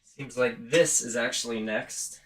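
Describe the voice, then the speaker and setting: A man's voice: medium pitch, fairly even intonation, a little slow, very noisy. A man chatting casually and rambling a bit about haunt acting while setting up an animatronic indoors. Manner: rambling, self-aware. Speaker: vlogger and haunt actor. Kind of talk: casual chat.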